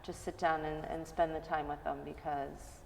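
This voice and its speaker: Earnest, lower-voiced woman guest. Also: moderate pace, vocal fry, long reverb tail, slight background noise. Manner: earnest, animated when telling stories. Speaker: interview guest, mother. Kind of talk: casual interview chat.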